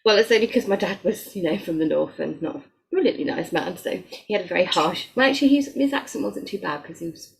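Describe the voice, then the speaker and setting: A woman with a gravelly, husky voice, talking freely as a guest on a live stream. She chats and laughs easily. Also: fairly low pitch, animated, fast talker. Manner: chatty, laughing. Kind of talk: casual chat.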